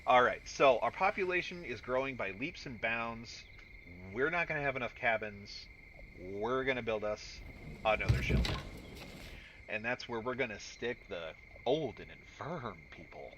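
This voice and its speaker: Lively man narrating his own gameplay. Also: mid-range voice, moderate pace, dull audio, very noisy. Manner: animated, talks to himself, sudden shouts. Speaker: gaming YouTuber. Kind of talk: casual let's-play commentary.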